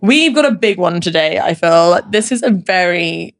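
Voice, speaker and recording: A young woman co-hosting a podcast, a doctor telling stories in quick, chatty bursts full of "like". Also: on the low side, animated. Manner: rapid chatty storytelling with lots of "like". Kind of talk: casual chat.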